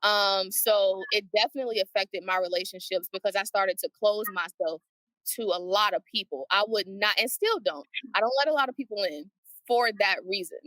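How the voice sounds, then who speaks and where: A woman's voice: mid-range voice, moderate pace, a bit bright, no echo, low-quality recording. A woman, a preacher's kid, speaking reflectively and with some hesitation in a casual panel chat.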